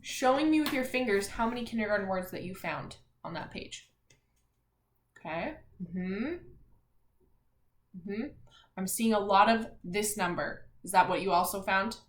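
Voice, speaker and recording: A woman teaching a class of young children, sounding out letters one at a time and praising them as she goes. She speaks slowly, with an even middle pitch. Her voice rings in an echoey room. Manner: slow, clear and encouraging, sounding out letters.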